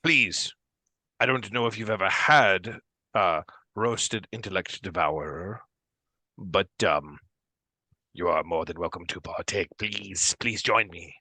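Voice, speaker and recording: A fussy, sweetly insistent granny Duergar woman in a fantasy tabletop game, as a man puts her on. She coaxes her guests with a low, bright-edged voice, heard dry and close. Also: slow pace, no room sound, full character voice. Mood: coaxing. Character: middle-aged granny Duergar woman, dwarf-like.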